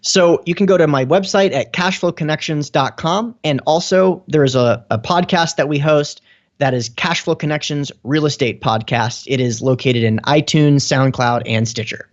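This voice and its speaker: A man's voice: a little high, moderate pace, lo-fi sound. A man speaking as a real estate investor guest on a podcast, explaining at length with fillers. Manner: talks in long explanatory runs with fillers. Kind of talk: casual interview chat.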